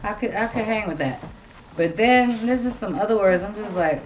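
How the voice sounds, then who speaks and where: Seorang wanita paruh baya yang mengobrol santai dan bertele-tele sebagai pembawa acara podcast, sering mengumpat dengan gaya yang hidup. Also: female voice, medium pitch, normal speed, dull audio, a little hiss or hum. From Ohio. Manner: swears a lot, rambling and animated. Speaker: podcast host. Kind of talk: casual chat.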